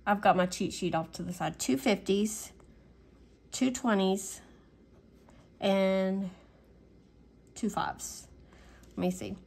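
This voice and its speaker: Woman casually walking thru her budget, chatty, lots of ums, middle pitch. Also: slow pace, creaky, pauses often, darkish tone. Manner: chatty, thinking aloud with fillers. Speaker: budgeting vlogger.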